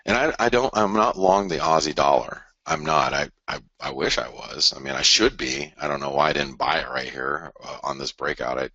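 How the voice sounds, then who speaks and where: Hardly pausing, a man speaks at normal speed in a very deep voice with a bright, forceful tone. He's a market commentator on a live trading broadcast, rambling about currency charts, repeating himself and mimicking traders. The recording is dry and lo-fi.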